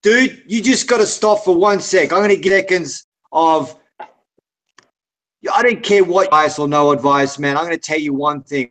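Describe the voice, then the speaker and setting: A laid-back Australian man chatting on a video call. He is encouraging and says mate all the time. His voice sits somewhat high. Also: fairly bright tone. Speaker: hangout participant. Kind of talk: casual chat.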